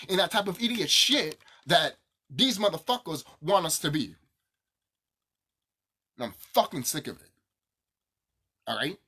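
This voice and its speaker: Profane man ranting, husky and bright. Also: high-pitched. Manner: angry, profane, repetitive ranting. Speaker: vlogger. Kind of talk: ranting to camera.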